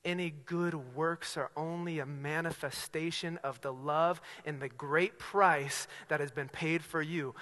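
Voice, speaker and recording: A man preaching a sermon, telling stories with acted-out dialogue and swinging from loud to hushed. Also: on the high side, normal speed, hardly any pauses, long reverb tail. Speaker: pastor.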